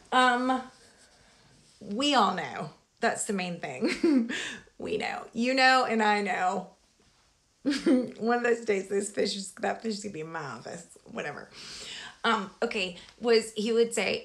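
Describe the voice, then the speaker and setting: A woman chatting casually with her viewers about her recovery, digressive and quick to laugh, with sudden animated outbursts. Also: fairly high pitch, vocal fry. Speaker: vlogger sharing her recovery story. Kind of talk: casual live chat with viewers.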